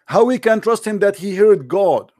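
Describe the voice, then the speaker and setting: High-voiced man debating mockingly. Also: expressive, moderate pace, darkish tone, no room sound, clean studio sound. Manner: mocking, combative, interrupting. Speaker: debate host. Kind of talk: heated online debate.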